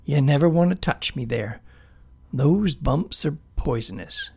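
A man's voice: on the high side, lively intonation, unhurried, creaky, a little mellow, husky, full character voice. A man voicing a friendly, apologetic male newt in a storybook with a folksy drawl. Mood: earnest.

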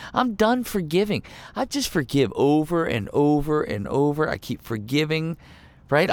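A man's voice: a little high, voice pushed up. A man voicing an exasperated, fed-up Jesus who rants indignantly and repeats himself. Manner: rising, indignant, repetitive ranting.

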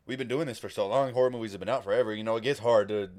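A young man co-hosting a podcast in casual chat, joking and acting out scenes in quick bursts. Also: fairly low pitch, a little mellow. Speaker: podcast co-host.

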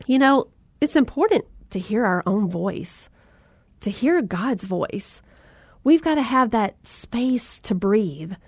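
A woman in her thirties with a Southern accent, telling a lively family story and turning it into faith encouragement for listeners. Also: fairly high pitch, slow, husky, no room sound. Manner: animated storyteller, acts out voices, talks to audience directly. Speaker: mom and motivational speaker.

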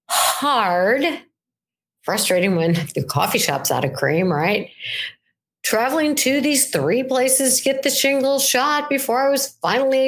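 An older woman speaking as a weight-loss coach in a solo mindset talk, conversational and animated, often checking in with the listener by asking "right?". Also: on the high side.

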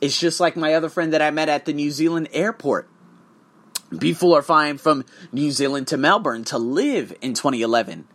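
A man's voice: on the high side, moderate pace, fairly bright tone. A man coaching for English tests, talking in a casual vlog monologue, profane and emphatic as he tells his story.

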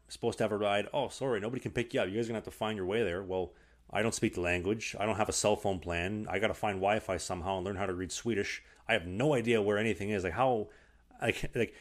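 A man hosting a podcast, a hockey goalie telling stories casually with many "like" fillers and acted-out quotes. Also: fairly low pitch. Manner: animated, lots of "like" fillers, acts out quotes. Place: one-bedroom apartment.

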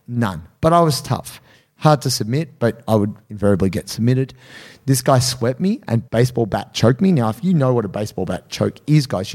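A man co-hosting a podcast, telling a story in casual chat and acting out quotes in a higher voice. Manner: animated, acts out quotes in high voices. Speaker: podcast co-host.

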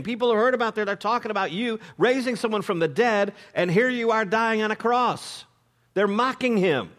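A man's voice: high voice, normal speed, fairly bright tone. A man preaching a conversational sermon, informal and joking, with frequent fillers and restarts. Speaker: pastor.

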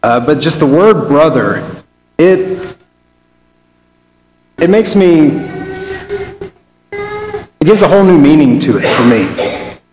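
A man's voice: on the high side, huge pitch swings, slow pace, pauses often, a little mellow. Man preaching in a reverberant hall. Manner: conversational, restarts phrases, reads scripture aloud. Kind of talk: Bible study sermon. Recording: roomy with long reverb.

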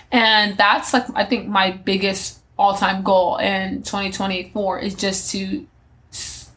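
A woman's voice: medium pitch, a bit bright. A woman in her twenties hosting a solo podcast, talking candidly and rambling through her plans, with many fillers and restarts. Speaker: podcast host. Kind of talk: solo reflective podcast monologue.

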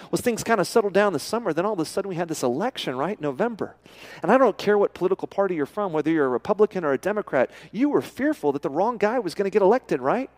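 A man's voice: sits high, lively intonation, fast, darkish tone. A middle-aged American man preaching a sermon to his church, talking casually and often putting questions to the congregation. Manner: conversational, asks the congregation questions. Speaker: pastor.

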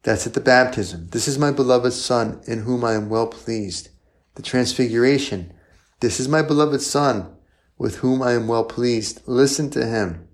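A man's voice: mid-range voice, measured pace. A male priest preaching in a conversational style, often asking rhetorical questions and adding "right?". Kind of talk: sermon.

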